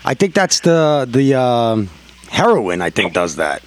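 A man's voice: medium pitch, big pitch swings. A man hosting a casual podcast chat, swearing often and stumbling over repeated words. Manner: profane, halting, repeats words.

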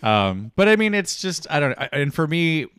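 A man co-hosting a podcast in casual chat, enthusiastic and halting with restarts. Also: fairly high pitch, big pitch swings, fairly bright tone, clear, resonant tone, no echo. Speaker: podcast co-host.

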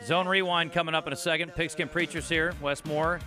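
Casting note: male sports talk host, bright ringing voice, pitchman energy on the ad reads. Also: fairly even intonation, brisk, soft background music. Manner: upbeat pitchman on the sponsor reads. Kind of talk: casual sports radio chat with live ad reads.

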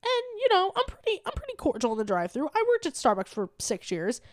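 A young woman with a high voice and quick pace co-hosts a comedy podcast, spinning a story in casual chat. She animatedly acts out the dialogue and swears casually. The studio sound is clean with no echo.

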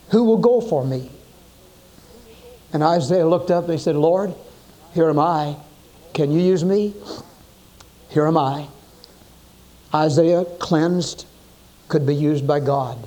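A man's voice: on the high side, dark tone. A man preaching a sermon, telling Bible stories dramatically and acting out the quoted voices.

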